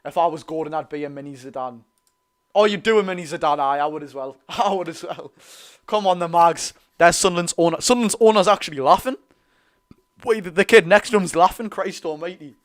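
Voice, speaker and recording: A young man with a Geordie accent giving live, excitable fan commentary on a football match, swinging between loud cheering and low muttering. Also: fairly quick. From North East England. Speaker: football watch-along host.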